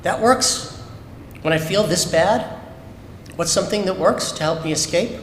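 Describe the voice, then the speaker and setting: A man's voice: high-pitched, a little slow, a bit bright, a little hiss or hum. A man giving a candid, emphatic personal talk at a Shabbat service, full of rhetorical questions. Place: synagogue sanctuary. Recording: echoey hall with long reverb.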